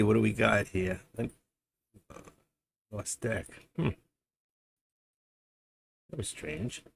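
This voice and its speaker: Rambling middle-aged man, low voice. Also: vocal fry, a little hiss or hum. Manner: rambling, muttering to himself, chuckling storyteller. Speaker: livestream host and day trader. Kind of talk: casual live-stream chat while trading.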